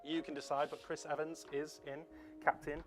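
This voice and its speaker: A man's voice: on the high side, flat delivery, moderate pace. A man hosts a fundraiser quiz on a livestream, reading out answers in a loose, chatty way with plenty of ums. Faint music sits underneath his voice. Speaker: fundraiser stream host. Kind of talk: casual quiz hosting on a livestream.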